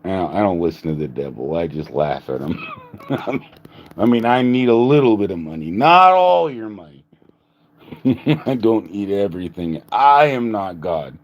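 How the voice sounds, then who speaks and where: A man's voice: sits low, sing-song, moderate pace, lo-fi sound. A man hosting a livestream, rambling in a joking, casual way, laughing often and swearing. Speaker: livestream host. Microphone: phone.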